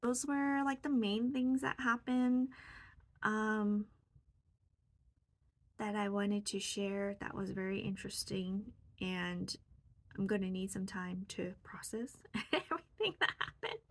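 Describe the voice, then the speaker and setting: Woman, vlogger, creaky voice, mid pitch, heartfelt, filler-heavy, home office. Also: slow, long pauses. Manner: soft, heartfelt, with many fillers. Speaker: spiritual vlogger. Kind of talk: casual reflective sharing.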